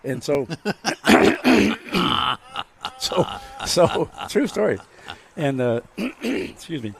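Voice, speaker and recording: A man's voice: fairly high pitch, sing-song, extremely slow, gravelly, fairly bright tone. A man on a radio car show, telling a story casually and playing its characters, recorded at an outdoor car show. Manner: drawling storyteller who acts out the lines of his characters. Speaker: restaurant founder and radio guest.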